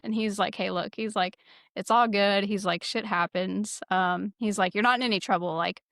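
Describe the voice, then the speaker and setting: A woman podcast host telling a casual story with lots of swearing, lively and laughing as she goes. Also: mid-range voice, moderate pace, gravelly, no room sound, studio quality. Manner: profane, lively, laughs while telling stories. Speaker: former military security forces sergeant.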